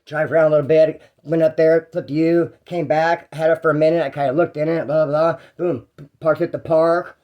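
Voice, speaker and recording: A man's voice: a little high, level tone, brisk, dull audio. A young man telling a story in a casual, slangy, rambling way, with restarts.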